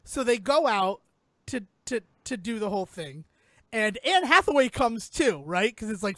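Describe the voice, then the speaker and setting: A man hosting a casual comedic film recap, animatedly retelling scenes and acting out characters in lowered voices. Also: sing-song, moderate pace, a bit bright, no room sound. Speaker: podcast host recapping a film.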